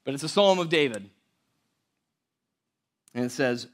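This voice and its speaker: A man preaching a verse-by-verse sermon in a conversational way, with joking asides and big swings between loud and quiet. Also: mid-range voice, expressive, a little slow, long pauses. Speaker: pastor.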